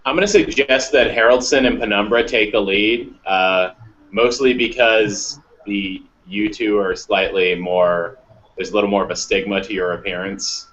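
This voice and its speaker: A man playing a tabletop game, talking in a relaxed, joking way. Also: lowish voice, normal speed. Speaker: player. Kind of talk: casual tabletop game play. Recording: dull lo-fi sound.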